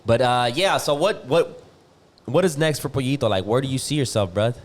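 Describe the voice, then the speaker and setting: A man's voice: mid-range voice, fairly quick. A man hosting a podcast, asking loose, rambling questions in a profane, casual way. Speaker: podcast host. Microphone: podcast studio mic.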